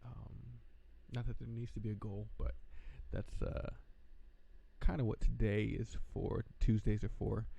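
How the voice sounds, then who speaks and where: Laid-back male streamer, low gravelly voice, rambling casual chat into a desk mic. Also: little pitch movement, measured pace, dark tone. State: tired, yawning. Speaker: livestream host. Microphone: desk microphone.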